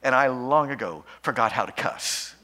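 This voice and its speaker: A man's voice: mid-range voice, animated, moderate pace, bright, forceful tone, pitched below the performer's own voice. A man voicing an indignant preacher who answers a child in a prim, stern tone.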